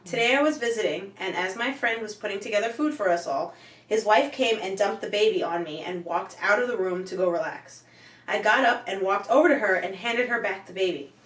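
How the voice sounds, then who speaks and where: A woman in her thirties co-hosts a relaxed podcast, giggly and teasing as she chats and reads posts aloud. Her voice sits back from the microphone, and the room around her rings with echo. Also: medium pitch, distant mic. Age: 30s. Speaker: podcast co-host. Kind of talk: casual chat and reading posts aloud. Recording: echoey room, away from the mic.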